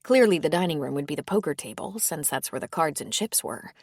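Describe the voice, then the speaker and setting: A woman narrating a romance audiobook in a measured storytelling manner. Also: low voice, animated, husky, no echo, clean studio sound. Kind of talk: scripted narration.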